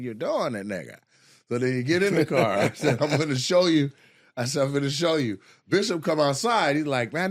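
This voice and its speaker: A man, a comedian hosting a casual chat, telling a story with animated, profane delivery and laughter. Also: medium pitch, no room sound, clean studio sound. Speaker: comedian host.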